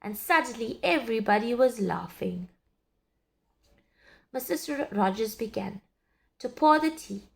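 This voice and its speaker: A woman reading a children's story aloud in an expressive, sing-song way. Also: fairly high pitch, unhurried, gravelly, pauses often. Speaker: storybook reader.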